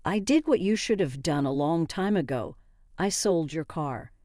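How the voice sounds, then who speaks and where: A woman's voice: low voice, expressive, measured pace, mellow, no echo, studio quality. A woman putting on a smug, dismissive mother-in-law. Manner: nonchalant, dismissive. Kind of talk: scripted story narration.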